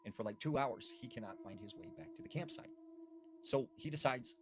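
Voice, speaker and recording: A man's voice: medium pitch, huge pitch swings, a little fast, gravelly, background noise. A man casually retelling spooky stories in a conversational way, full of fillers like "like". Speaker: storyteller. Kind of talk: casual spoken ghost story narration.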